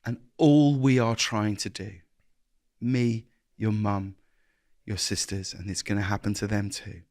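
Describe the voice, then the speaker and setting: A man's voice: fairly low pitch, fairly even intonation, a little slow, darkish tone, no echo, clean studio sound. A man, a guest speaking earnestly in an interview, often restarting his sentences and acting out little exchanges of dialogue. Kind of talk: reflective interview conversation.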